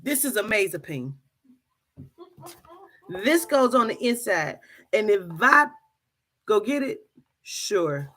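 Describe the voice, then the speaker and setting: A woman vlogging, telling a comic story to camera in an animated, profane way, with bursts of laughter. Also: medium pitch, slow pace, pauses often, slight background noise. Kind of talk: casual comedic storytelling to camera.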